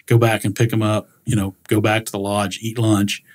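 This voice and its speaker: Give me a middle-aged man with a somewhat low voice, telling a long story in a casual interview and acting out dialogue. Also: little pitch movement, moderate pace. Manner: rambling, many "you know" fillers, acts out quoted dialogue. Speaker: guest, industrial leasing director.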